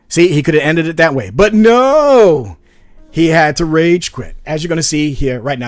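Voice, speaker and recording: A man hosting a commentary channel, reacting to a debate clip with animated, sarcastic asides. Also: fairly high pitch, moderate pace, no echo, faint music behind.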